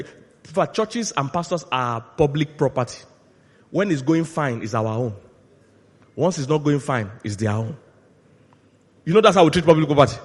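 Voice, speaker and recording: A male pastor preaching a sermon, asking the congregation to finish his lines and swinging from quiet asides to loud shouted peaks. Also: a little high, husky. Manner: call-and-response questions to the congregation. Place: church hall. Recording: long hall reverb.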